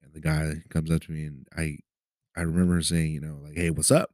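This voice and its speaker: Low-voiced man telling a story casually. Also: flat delivery, brisk, a little mellow, no echo, clean studio sound. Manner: profane, conversational, keeps checking in with "right?". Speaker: podcast host. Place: city of Los Angeles.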